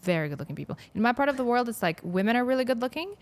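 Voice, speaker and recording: A woman hosting a podcast, a native Russian speaker with a slight Russian accent, chatty and excited. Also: fairly high pitch. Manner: chatty, fast and excited from coffee. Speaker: podcast host. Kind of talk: casual chat.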